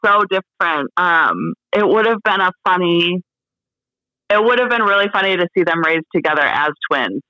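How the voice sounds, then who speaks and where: A woman speaking as an interview guest, candid and halting, full of fillers and restarts, laughing now and then. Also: on the low side, animated, dry recording, lo-fi sound. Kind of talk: casual interview chat.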